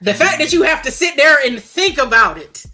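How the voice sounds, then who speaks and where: A woman co-hosting a casual podcast chat, expressive and quick to laugh. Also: high voice, soft background music. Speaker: podcast co-host.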